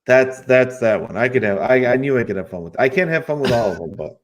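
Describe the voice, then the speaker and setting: A man's voice: mid-range voice, expressive, fast, a little hiss or hum. A man co-hosting a casual show, telling jokey stories and acting out the people in them. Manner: jokey storytelling with acted-out voices. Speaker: co-host. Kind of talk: casual comedic chat.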